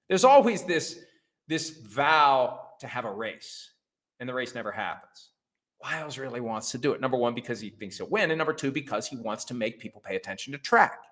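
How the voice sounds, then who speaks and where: A middle-aged man hosts a sports talk show in a mid-pitched voice. He gives blunt, opinionated commentary with a sarcastic edge and swears casually. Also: very animated, moderate pace, a bit bright. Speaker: host.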